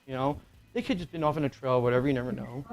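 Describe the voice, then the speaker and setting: Speaking very fast in a mid-range voice, a middle-aged man co-hosting a relaxed talk show rambles through his own ghost story, swearing and filling gaps with filler words.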